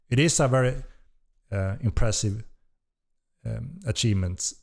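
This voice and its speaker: Man, game dev streamer, casual Q&A, gravelly voice, mellow dark tone, relaxed, lots of fillers. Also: mid-range voice, unhurried, long pauses. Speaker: game developer streamer hosting Q&A. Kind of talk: casual live-stream Q&A, reading chat.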